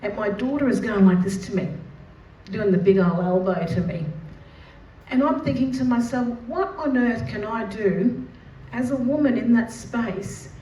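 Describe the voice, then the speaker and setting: An Australian woman, an educator and mother, telling a personal story in a lively, vivid storytelling manner. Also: on the high side, moderate pace. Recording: roomy, distant mic with faint noise.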